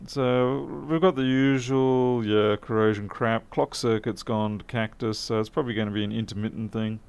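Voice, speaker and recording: A man's voice: on the low side, fairly even intonation, normal speed, a little mellow, clean tone. A man talking casually to camera while repairing a laptop in his workshop, chatty and self-mocking, muttering as he works. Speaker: electronics repair technician. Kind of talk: casual workbench commentary.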